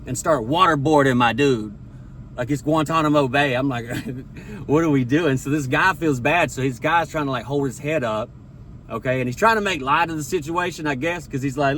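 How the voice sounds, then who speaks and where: A man doing a stand-up comedy routine, telling a profane story full of quick quoted impressions. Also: fairly high pitch, a bit bright, a little hiss or hum.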